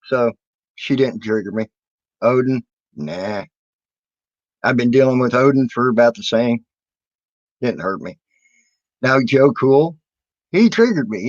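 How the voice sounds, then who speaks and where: A man's voice: mid-range voice, no echo, lo-fi sound. A man speaking casually to his viewers in a rambling, defensive way, full of fillers and restarts. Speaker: video maker answering his community.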